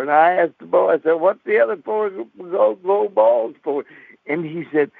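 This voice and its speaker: Gravelly folksy preacher on radio. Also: male voice, sits high, normal speed, dry recording. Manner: folksy, animated, mimics banjo twangs. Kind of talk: folksy storytelling sermon. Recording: tinny phone-like dry radio sound.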